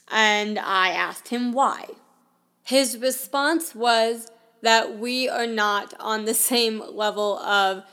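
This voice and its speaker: A young woman with a fairly high voice tells a personal story to her listeners. She talks candidly and conversationally, with plenty of "like" and "I mean." It sounds like an open, unscripted podcast monologue. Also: a bit bright, smooth. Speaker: podcast host.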